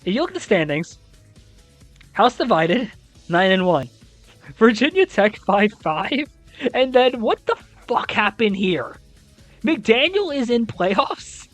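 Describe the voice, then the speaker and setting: A young adult esports host runs through league scores and standings, then launches into incredulous, exasperated rants with casual swearing. The voice swings widely and expressively in pitch. Faint music plays underneath. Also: big pitch swings, unhurried, dry recording. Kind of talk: esports league recap and playoff analysis.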